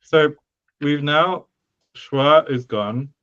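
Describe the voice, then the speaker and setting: A man talks slowly through a casual podcast chat, pausing and restarting as he thinks aloud. His voice is smooth and clear, close and dry on a dull, lo-fi home mic. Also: on the high side, fairly bright tone, no echo. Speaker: podcast co-host. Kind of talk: casual chat about conlang sound changes.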